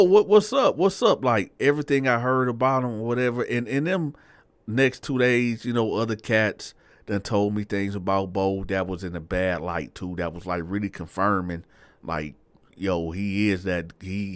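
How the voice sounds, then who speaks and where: A man with a low voice recounts a prison story in easygoing street slang, tossing in "right?" as he goes. He jumps into sharply higher, animated voices when quoting people. The sound is dry and close. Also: dry recording. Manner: animated, acts out dialogue with big pitch jumps; slangy street talk, frequent "right?" asides.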